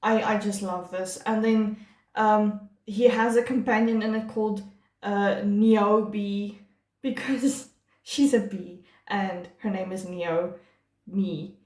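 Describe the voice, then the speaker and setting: A woman's voice: medium pitch, steady tone, slow, a little mellow. Woman booktuber gushing about books, chatty, lots of ums, echoey room. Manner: chatty and gushing, many fillers and restarts. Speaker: book vlogger. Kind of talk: casual monthly reading wrap-up.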